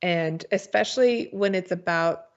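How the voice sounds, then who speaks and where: A woman's voice: fairly low pitch, unhurried. A woman co-hosting a TV review podcast, speaking casually and a little hesitantly, often laughing as she critiques. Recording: dull lo-fi sound.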